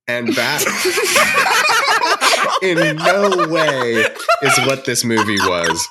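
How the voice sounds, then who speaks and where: A man co-hosting a podcast, incredulous and animated in casual film chat, laughing a lot. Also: medium pitch, takes it slowly, long pauses, very noisy. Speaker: podcast co-host.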